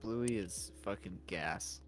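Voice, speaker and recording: A man's voice: on the low side, slow pace. A man hosting a livestream, talking casually and swearing freely, with lo-fi music faintly behind him. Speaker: livestream host.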